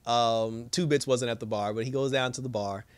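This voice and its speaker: A man's voice: mid-range voice, moderate pace, smooth. A man giving a casual, rambling recap of a TV episode, laughing often and acting out what the characters said. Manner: animated, laughs often, acts out characters' lines; rambling with many restarts and fillers. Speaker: TV show reviewer.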